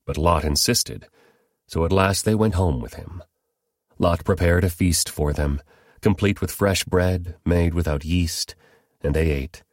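A man reading scripture aloud in a steady, measured way. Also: deep voice, dry recording, clean studio sound. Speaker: scripture reader.

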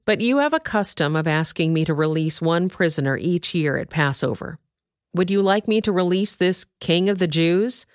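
A woman's voice: lowish voice, lively intonation, normal speed, dry recording, studio quality, lightly acted. A woman voicing a stern male Roman governor in a scripture reading, questioning sharply. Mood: proclaiming.

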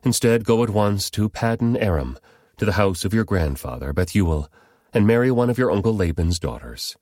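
A man reading the part of an old blind father giving a solemn blessing, measured and grave. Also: lowish voice, animated, darkish tone, no room sound, clean studio sound, voice pushed up.

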